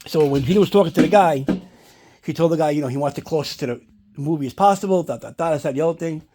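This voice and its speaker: A man's voice: a little high, fast, dark tone. Rambling, foul-mouthed man telling a story. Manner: rambling storyteller, swears a lot, "blah, blah, blah". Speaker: collector showing a movie prop. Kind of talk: casual unboxing vlog. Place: indoors at home.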